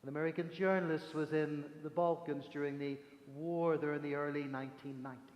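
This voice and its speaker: A man preaching a sermon, telling stories with emphatic pauses, from Northern Ireland. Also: a little high, fairly even intonation, highs cut off. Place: church sanctuary. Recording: echoey church hall reverb.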